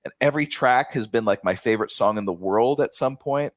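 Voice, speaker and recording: A man's voice: medium pitch, fairly quick, no room sound. A man co-hosting a podcast, enthusing about a record in loose chat, with lots of "like" and casual swearing. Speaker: podcast co-host.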